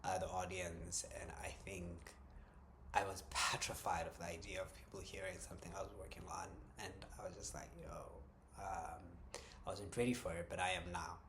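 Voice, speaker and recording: A man talking through a personal creative journal in a reflective vlog, hesitant, with many ums, restarts and soft chuckles. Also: low-pitched, level tone, moderate pace, slight background noise. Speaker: vlogger.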